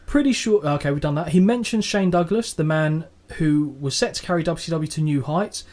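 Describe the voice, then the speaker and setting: On the high side and brisk, this man's voice drives a casual podcast chat as co-host. He's animated, joking around and swearing while looking back at an old show.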